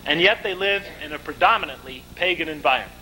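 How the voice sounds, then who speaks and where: Man, lecture, animated storytelling, high voice, bright tone. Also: fast talker, a little hiss or hum, low-quality recording. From United States.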